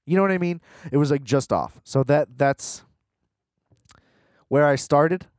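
A man's voice: on the high side, unhurried, darkish tone, no echo, studio quality. A man hosting a podcast alone, chatting casually about movies in a rambling, profane and self-mocking way. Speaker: podcast host. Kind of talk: casual solo commentary.

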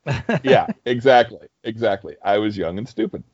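A young man casually telling a story, animated and laughing often. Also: lowish voice, brisk, slightly rough, no room sound, highs cut off. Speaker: guest storyteller. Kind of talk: casual anecdote.

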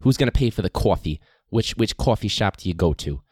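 A man's voice: fairly low pitch, expressive, fairly quick, a little mellow, breathy edge, no echo, clean studio sound. A man imitating a rambling woman professor with a heavy Brooklyn accent, lecturing on and on.

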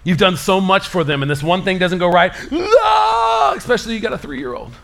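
A man preaching a sermon as pastor, speaking in an animated, conversational way with casual slang. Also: high-pitched, fast, soft background music.

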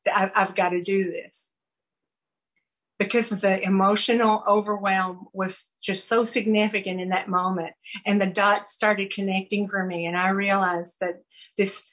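A woman giving a personal recovery testimony, earnest and halting, with many fillers and restarts. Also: medium pitch, a bit bright, low-quality recording. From American South. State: briefly choked up. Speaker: recovery program speaker sharing her story.

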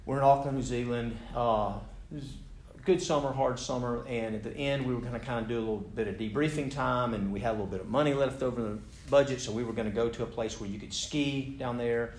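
A man's voice: mid-range voice, fast, darkish tone. An American man giving a sermon talk to a live audience, telling a story animatedly with self-deprecating humor. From United States. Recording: roomy hall sound, faint background noise.

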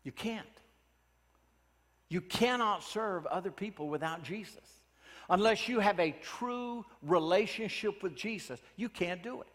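A man preaching a sermon in a church, earnest and pleading, often dropping his voice to a hush for emphasis. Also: high-pitched, unhurried, in a large hall. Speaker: pastor.

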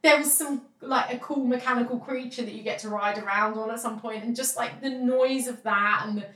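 A woman's voice: on the high side, steady tone, fairly quick, pushed and bright, roomy sound. A woman co-hosting a podcast, chatting casually and enthusiastically about games and laughing often. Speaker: podcast co-host. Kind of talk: casual chat.

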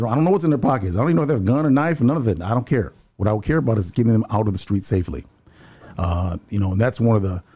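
His voice is lowish, dark and husky. He's a building security worker telling a story in conversation, rapid and earnest, often restarting sentences by repeating his first words.

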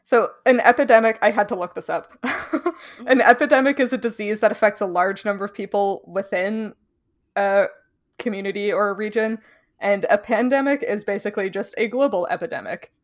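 A woman's voice: medium pitch, normal speed. A young woman from Canada in casual chat, chatty, explaining at length and laughing often.

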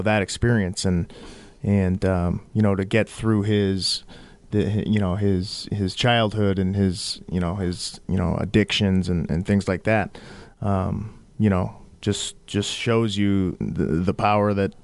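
A man who is a basketball coach and guest on a radio show, talking haltingly with many fillers and restarts. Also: low voice. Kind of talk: casual chat.

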